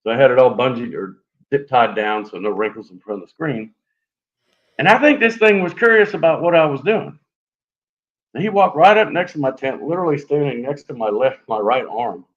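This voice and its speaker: Guy telling a story on a show, all animated, sound kinda dull and lo-fi. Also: medium pitch, fairly quick. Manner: animated, lively retelling with fillers and sound effects. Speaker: guest telling an encounter story. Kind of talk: casual storytelling on a live show.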